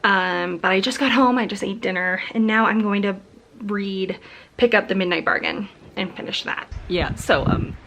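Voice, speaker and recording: A woman's voice: mid-range voice, moderate pace, vocal fry, a bit bright. Casual, rambling, enthusiastic, a woman in her twenties talking about books. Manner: chatty and gushing, lots of "really" and "like". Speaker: book vlogger. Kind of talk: casual reading vlog.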